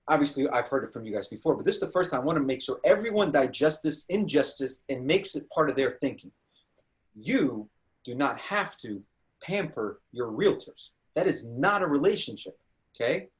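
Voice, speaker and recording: A man hosting a panel discussion, telling stories with energy and acting out quoted dialogue. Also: a little high. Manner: animated storytelling, acts out quoted dialogue. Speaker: host.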